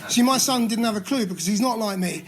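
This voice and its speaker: A man's voice: high voice, lively intonation, quick pace, a crowd in the background. A man in his sixties with a London accent, sharing his story at a recovery meeting in a candid, self-mocking way, with frequent restarts. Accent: London English. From England. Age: 60s. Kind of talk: personal share at a recovery meeting. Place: meeting room.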